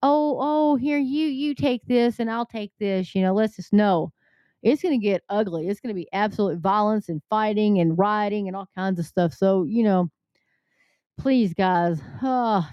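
A woman's voice: medium pitch, clear, resonant tone, dry recording. Urgent woman reading news commentary. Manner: earnest, urgent, addresses listeners directly. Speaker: host. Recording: slightly dull lo-fi sound.

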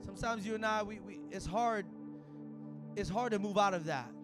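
A pastor preaches to his church in loose, slangy talk, rising now and then into shouted passages. His voice sits high for a man. Faint music plays under the recording. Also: normal speed. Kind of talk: sermon. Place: church service.

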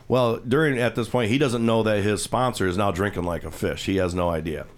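This radio host speaks a little fast in a lowish register, loosely retelling a scene from television in the studio. Meandering as he goes, he acts out each quoted line in character, captured on a studio microphone.

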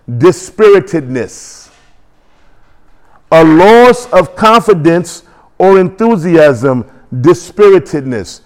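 A man preaching a sermon, exhorting his congregation and calling for responses, building up to excited declarations. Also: fairly high pitch.

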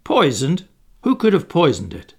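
A man voicing a brave, cocky young boy hero, speaking loud and urgent. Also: huge pitch swings, normal speed, breathy edge, full character voice. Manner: loud, urgent, raised pitch.

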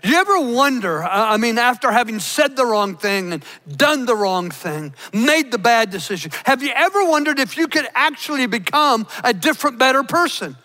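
A man preaching a sermon, emphatic, slowing down to stress key words. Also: extremely high pitch, lively intonation, sharp tone. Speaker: pastor. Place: church.

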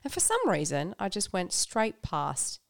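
A woman's voice: lowish voice, very animated, a little slow, vocal fry, no room sound, clean studio sound. A woman speaking candidly and reflectively in a casual conversation about her faith, often laughing and using fillers. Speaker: guest.

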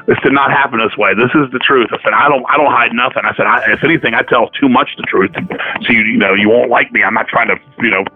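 A man telling stories in a casual chat, profane and animated, acting out the dialogue of the people he quotes. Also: medium pitch, fast talker, slightly rough. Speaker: podcast guest, metal musician. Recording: tinny phone-line audio.

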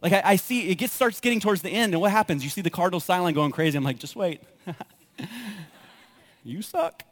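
A man preaching a sermon as pastor, telling personal stories and acting out his own reactions with lively energy. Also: high-pitched, racing. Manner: animated storytelling, acts out his own reactions.

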